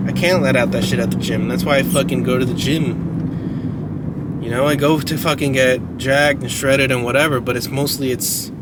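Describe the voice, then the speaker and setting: Furious swearing young man ranting. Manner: angry, swearing constantly, drops to a low mutter. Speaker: fitness vlogger. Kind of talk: raw confessional vlog rant. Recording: clear vehicle and outdoor background noise. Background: car and street noise.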